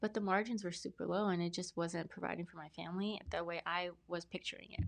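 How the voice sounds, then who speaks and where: A woman's voice: on the low side, level tone, fast, gravelly. A woman in her thirties, a podcast guest telling her story in a casual, earnest, rambling way with many fillers and restarts. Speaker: podcast guest, brand specialist.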